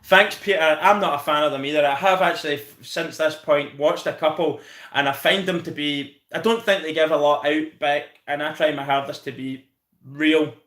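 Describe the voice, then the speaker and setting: A Scottish man hosting a live stream, chatting in a rambling, excitable way and swearing freely. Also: on the high side, reverberant. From Scotland. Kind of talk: casual live-stream chat.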